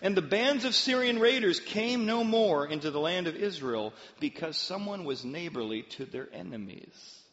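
A man's voice: sits high, animated, moderate pace, few pauses, fairly bright tone. Male pastor, dramatic storytelling sermon, dull reverberant hall recording.

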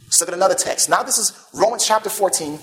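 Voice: medium pitch, quick pace, a bit bright, rough recording. A preacher delivering a sermon. The preacher reads old-style scripture aloud, explains it, and asks the listeners questions, leaving gaps for them to answer. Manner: calls the listeners "beloved".

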